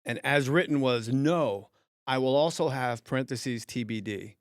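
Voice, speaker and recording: A middle-aged man hosting a podcast, telling stories in an animated, casual way and swearing freely. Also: medium pitch, moderate pace, no echo, clean studio sound. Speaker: podcast host. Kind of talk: casual chat.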